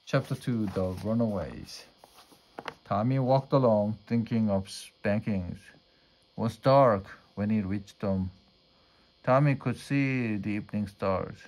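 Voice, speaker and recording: Slow, mellow man reading a storybook. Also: on the low side. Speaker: storybook reader. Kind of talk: reading aloud a children's storybook.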